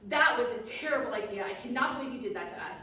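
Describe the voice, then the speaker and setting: A woman's voice: a little high, animated, very fast, bright, forceful tone, a little hiss or hum. A woman voicing a blunt second good witch who turns bad, speaking in a brusque, dry way during improvised stage storytelling. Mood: exasperated. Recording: echoey hall, mic far off.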